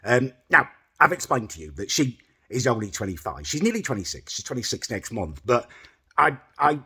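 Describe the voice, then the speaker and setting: Husky, sweary man ranting. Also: mid-range voice, sing-song, normal speed, sharp tone. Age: adult, older than mid-twenties. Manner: exasperated, sweary, self-important storytelling. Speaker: storytelling host. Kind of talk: comic monologue to camera.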